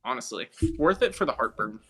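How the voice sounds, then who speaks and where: A man's voice: medium pitch, lively intonation, fairly quick, sharp tone, breathy edge. A young man co-hosting a podcast in casual chat, joking and teasing his friend. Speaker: podcast co-host.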